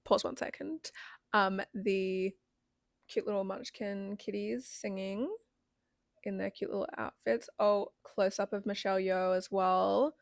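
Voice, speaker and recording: A woman's voice: medium pitch, steady tone, unhurried, vocal fry, no echo, studio quality. A woman hosting a reaction video, gushing giddily with frequent squeals and laughs.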